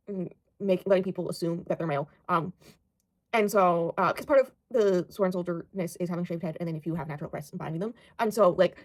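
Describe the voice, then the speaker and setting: A young American woman chatting casually about books, rambling with lots of fillers and casual swearing. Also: medium pitch. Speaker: book vlogger. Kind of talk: casual book chat.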